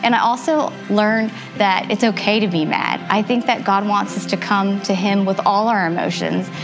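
A woman in her thirties telling her personal faith testimony earnestly and reflectively, with soft laughs. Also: medium pitch, fairly even intonation, normal speed. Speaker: testimony guest. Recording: music playing underneath.

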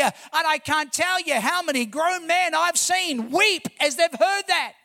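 A man preaches to his church congregation in a strikingly high voice for a man. His tone is bright and forceful. He drives each point home with fervent emphasis and rhetorical questions. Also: animated, unhurried, gravelly, hardly any pauses. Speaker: pastor. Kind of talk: sermon.

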